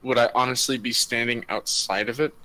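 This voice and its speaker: A man's voice: medium pitch, fairly even intonation, a little fast, pushed and bright, voice pushed down, lightly acted. A man voicing a stern, suspicious long-haired robed man in a tabletop game. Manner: curt, suspicious.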